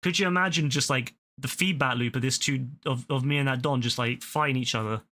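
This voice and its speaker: Young man, crisp bright tone, casual streamer chatter, stammering restarts, heavy swearing. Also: mid-range voice, brisk. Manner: rambling, swears freely, frequent stammered restarts. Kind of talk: casual reaction commentary.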